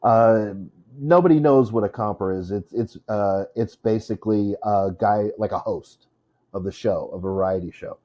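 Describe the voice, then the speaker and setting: A man's voice: lowish voice, moderate pace, mellow, highs cut off. A man teaching a casual lesson on poetry, chatty, with many fillers, stopping to correct himself. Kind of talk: informal classroom lesson.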